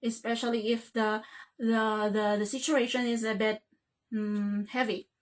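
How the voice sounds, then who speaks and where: A woman's voice: on the high side, level tone, measured pace. A woman teaching an English grammar lesson, checking in with "okay?" after nearly every phrase.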